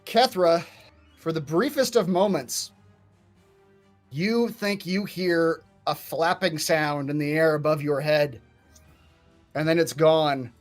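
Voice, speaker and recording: A man's voice: a little high, takes it slowly, long pauses, soft background music. A man narrating as game master in a tabletop game, speaking with frequent fillers and restarts.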